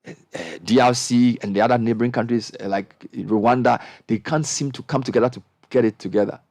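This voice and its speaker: A middle-aged man with a Ghanaian accent hosts a radio panel at a fairly quick pace, with no room sound. He speaks with fervent, animated energy that builds into high-pitched exclamations.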